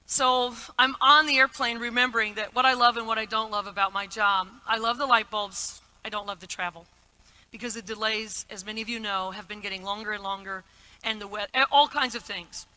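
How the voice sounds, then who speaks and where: Bright, high-voiced woman motivational speaker. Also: a little fast, in a large hall, low-quality recording. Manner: animated, playful, audience-engaging. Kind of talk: comedic stage storytelling. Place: stage before a live audience.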